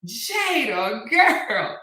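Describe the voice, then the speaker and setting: Loud, laughing woman host in an echoey room. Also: fairly high pitch, sing-song, drawn-out words. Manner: loud, laughing, teasing, swearing. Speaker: commentary channel host. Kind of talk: casual gossip chat reading live comments.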